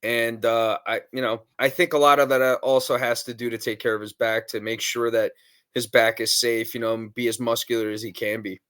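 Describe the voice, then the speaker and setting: A man's voice: medium pitch, flat delivery, fairly quick, fairly bright tone, clean tone. A man hosting a wrestling podcast, talking in casual, blunt chat and swearing freely. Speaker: podcast host.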